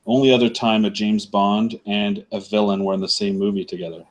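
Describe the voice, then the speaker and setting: A man's voice: lowish voice, level tone, brisk. A man in a casual group chat about hobbies, with a dry, wry sense of humour. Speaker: participant in online paint and chat.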